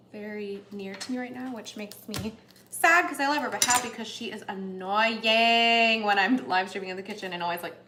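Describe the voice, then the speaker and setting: A woman's voice: mid-range voice, background noise. A young woman hosting a cooking livestream at home, chatting casually and giggling as she cooks. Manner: chatty and giggly, with playful asides. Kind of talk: casual chat while cooking. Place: home kitchen. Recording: echoey kitchen with clattering pots and dishes.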